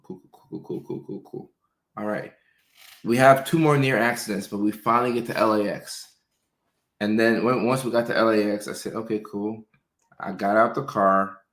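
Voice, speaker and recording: A male doctor and show host telling casual personal stories, animated, slipping into playful voices for quotes. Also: mid-range voice. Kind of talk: casual storytelling. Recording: roomy echo.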